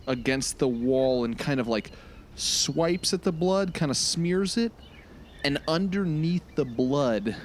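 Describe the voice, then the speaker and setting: A man at a tabletop game narrating his character's actions vividly, building suspense slowly. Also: medium pitch, a little hiss or hum. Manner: dramatic storytelling with slow suspenseful build. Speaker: player.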